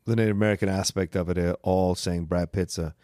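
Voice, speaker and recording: Low-voiced man musing on films. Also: steady tone, fast talker, dry recording, studio quality. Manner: rambling, thinks out loud with fillers. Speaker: podcast co-host. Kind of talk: casual film review chat.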